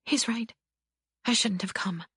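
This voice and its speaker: A quiet, shaky young wife. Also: female voice, fairly high pitch, unhurried, slightly rough, dry recording, studio quality, pitched above the performer's own voice, full character voice. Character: timid, bruised young wife.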